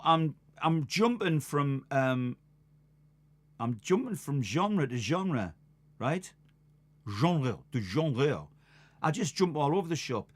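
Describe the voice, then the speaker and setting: An older man, a musician hosting a live stream, telling rambling stories between songs and laughing at them. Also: a little high. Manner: chatty, rambling, laughs at his own stories. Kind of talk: casual storytelling between songs.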